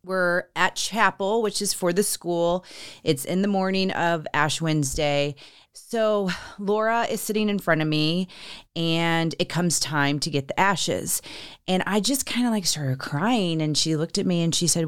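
A woman hosting a faith podcast, telling stories in a lively, animated way and acting out what others said. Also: on the low side, a little slow, smooth, dry recording, studio quality. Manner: animated storyteller, acts out quoted voices. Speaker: podcast host. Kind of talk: casual conversation.

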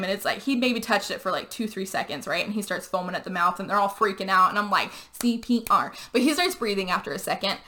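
A woman hosting a podcast, recapping a movie in casual, animated chat. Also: medium pitch. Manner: animated storytelling with frequent likes and laughs. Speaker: podcast host.

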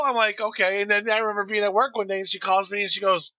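Podcast host, man from the Midwest, high and very bright voice, dry close sound. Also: fast talker, no echo. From American Midwest. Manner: rambling, relaxed, profane, many fillers. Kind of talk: casual sports chat.

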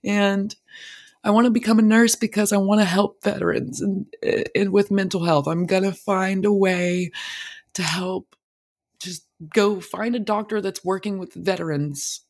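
A woman's voice: medium pitch, fairly even intonation, measured pace. A young woman hosting a podcast, speaking candidly and emotionally in a personal monologue, swearing freely. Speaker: podcast host.

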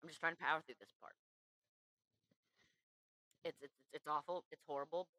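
A woman's voice: fairly even intonation, normal speed, sharp tone, poor audio. A woman hosting a podcast, earnestly telling a true crime story and acting out the quotes. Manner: earnest, acts out quotes with shifts in pitch. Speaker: podcast host.

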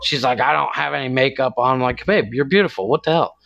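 A man's voice: mid-range voice, quick pace, vocal fry, a bit bright, dry recording, dull audio. A man co-hosting a casual podcast, telling stories with lots of laughter and acted-out quotes. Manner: storytelling, laughs often, acts out quotes. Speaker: podcast co-host. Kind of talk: casual chat.

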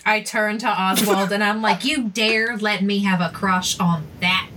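An excitable, giggly woman playing her character in a tabletop game, on a distant mic. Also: mid-range voice, unhurried, slight background noise. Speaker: player.

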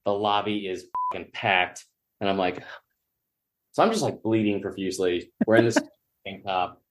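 A man's voice: fairly low pitch, moderate pace, noisy background. A man, a podcast guest telling a long story in a rambling, self-mocking, profane way. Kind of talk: storytelling in casual chat.

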